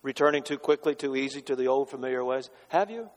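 Pastor guy preaching, mid pitch, swings loud then hushed, long church reverb. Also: flat delivery, fast talker. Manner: dramatic, swinging from loud declarations to hushed rhetorical questions. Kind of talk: sermon. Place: church sanctuary.

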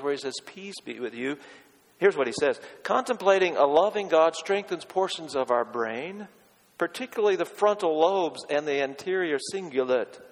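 A male pastor preaching a sermon, pressing hard on key words and dropping to a hush for quotes. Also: on the high side, long reverb tail, low-quality recording. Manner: emphatic, swinging from loud stresses to hushed quotes.

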